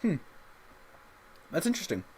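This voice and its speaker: A young man, chatting casually and haltingly with viewers while drawing on a livestream. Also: darkish tone. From Canada. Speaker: streamer drawing live.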